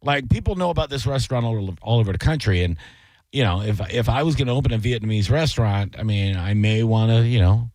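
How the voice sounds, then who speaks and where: A man's voice: lowish voice, lively intonation, fast, a little mellow, no room sound. A man hosting a radio show, rambling and joking in casual banter with plenty of fillers. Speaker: radio host.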